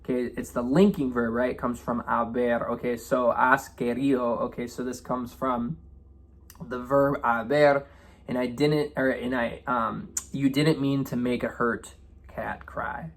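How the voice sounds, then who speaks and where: Male language teacher, mid-pitched, loose and chatty as he walks through lyrics. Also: measured pace. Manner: relaxed, repeats "right?" and "okay?" often. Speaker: Spanish teacher. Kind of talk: explaining song lyrics.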